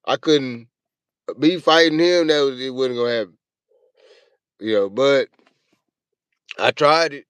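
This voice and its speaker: A man hosting a show, telling a long, profane personal story in a casual, animated way. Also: medium pitch, unhurried, long pauses, clear, resonant tone, no echo. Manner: profane, animated, acts out his own panicked yelling. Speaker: show host.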